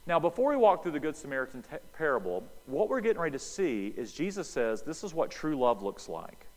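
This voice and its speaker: A man's voice: fairly high pitch, brisk, big-room sound, poor audio. An American man preaching a sermon, acting out the voices in a Bible story as he explains it. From United States. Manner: animated preaching, acts out dialogue. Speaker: pastor.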